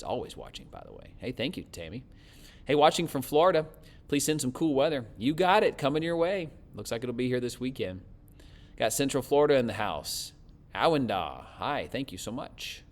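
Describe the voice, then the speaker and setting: A man forecasting the weather and chatting warmly as he reads out viewer comments. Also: mid-range voice, very animated, normal speed. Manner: friendly, chatty, thanks viewers often.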